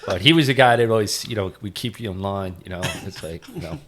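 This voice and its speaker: A middle-aged man with a fairly low voice, a retired firefighter telling stories as a podcast guest. He talks loosely and rambles, with plenty of fillers. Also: lively intonation, fast, a little hiss or hum. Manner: rambling, full of "you know" fillers. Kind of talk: casual storytelling interview.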